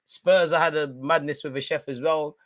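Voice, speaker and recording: A man's voice: on the high side, moderate pace, no room sound. A man in his twenties with a London accent, hosting a live football watchalong, full of banter and slang-heavy stories. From London, England. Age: 20s. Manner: animated storytelling in London slang. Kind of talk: live match commentary and banter.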